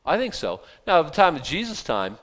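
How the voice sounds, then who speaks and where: A man preaching in a casual Bible-teaching style. He is animated and joking, throwing out rhetorical questions and wry asides. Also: a little high, a little fast.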